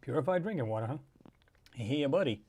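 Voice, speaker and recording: A man's voice: medium pitch, lively intonation, fairly quick, darkish tone. A middle-aged man hosting a casual livestream, talking in a rambling, emphatic way and acting out the people he quotes. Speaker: channel host.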